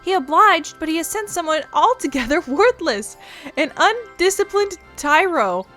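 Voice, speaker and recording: A fussy little moogle courier pipes up in a high, bright voice, as a woman puts him on, harried and grumbling in stiff, old-fashioned phrases. He sounds overworked and put upon, like a small creature in a fantasy game. Faint game music plays behind him. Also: big pitch swings, moderate pace, exaggerated voice. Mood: fussy exasperated. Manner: flustered, grumbling, formal.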